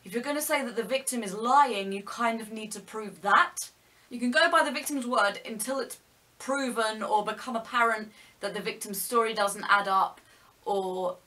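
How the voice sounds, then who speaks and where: A woman's voice: fairly high pitch, pushed and bright. A young woman vlogging her opinions, earnest and argumentative, explaining her points step by step. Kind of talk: opinion vlog monologue.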